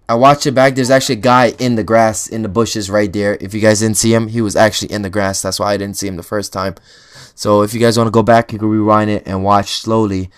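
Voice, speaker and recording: A man's voice: lowish voice, smooth. A young man giving casual gameplay commentary for his channel, boastful and full of profane trash talk. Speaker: gaming channel host.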